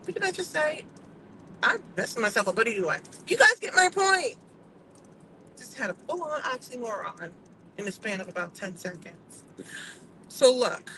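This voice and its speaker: A woman vlogger talking casually to camera, giving her opinions in an animated, emphatic and sassy way. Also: medium pitch, a little hiss or hum, poor audio.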